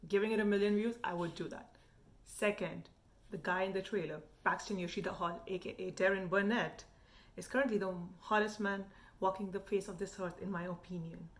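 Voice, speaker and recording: A young woman from India with a light Indian English accent, giving a frank, animated review vlog full of "like" fillers. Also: medium pitch, a little fast. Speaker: vlogger reviewing a TV show. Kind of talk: casual opinionated review.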